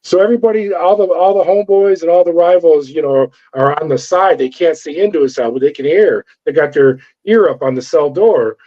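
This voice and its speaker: Middle-aged man, former guard, animated yarn-spinner; mellow, slightly raised pitch, lo-fi audio. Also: a little fast, hardly any pauses. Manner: animated storyteller acting out dialogue. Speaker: former corrections officer. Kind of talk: storytelling interview. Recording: dull lo-fi sound.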